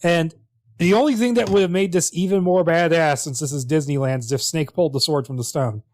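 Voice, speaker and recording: High-voiced man recapping a script. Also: fairly quick, darkish tone, no room sound. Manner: chatty, wry, retells scenes with laughs. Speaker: podcast co-host. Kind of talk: casual chat summarizing a screenplay.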